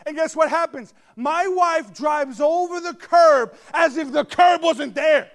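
High-voiced man preaching with animated humor. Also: a little slow, hardly any pauses. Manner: animated, joking asides, bursts of shouting. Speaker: pastor. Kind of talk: humorous storytelling sermon. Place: church service before a congregation.

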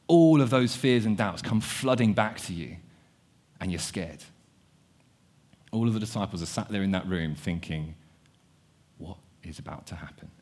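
A man's voice: lowish voice, normal speed, pauses often. A young man preaching a sermon, earnest, often repeating words as he thinks aloud. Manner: earnest, repeats words, shifts between quiet and animated.

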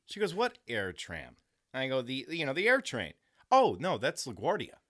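A man telling a profane, animated travel story in a casual chat. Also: mid-range voice, unhurried, no echo, clean studio sound.

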